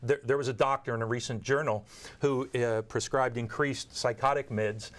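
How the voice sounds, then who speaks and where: A man interviewed as an expert guest on nurse communication training explains earnestly through examples, often repeating words as he restarts. His mid-range voice is a bit bright, with fairly even intonation at a moderate pace.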